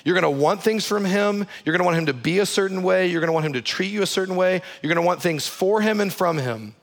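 A man's voice: high voice, quick pace, creaky. Man, thirties, pastor, church sermon, conversational, repetitive phrasing, wry humor.

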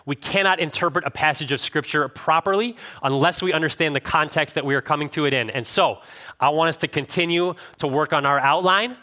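A male pastor preaching to a congregation with a bright, forceful voice pitched a little high. He tells stories animatedly, dropping low and quiet, then rising up again. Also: fairly quick. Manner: animated storytelling with wide swings in pitch and loudness. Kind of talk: sermon. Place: church room with a live congregation.

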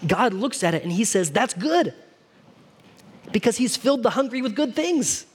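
A man's voice: very high-pitched, sing-song, moderate pace, breathy edge. A man preaching a sermon to his congregation in a casual, conversational way, often asking them questions. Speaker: pastor. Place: church hall.

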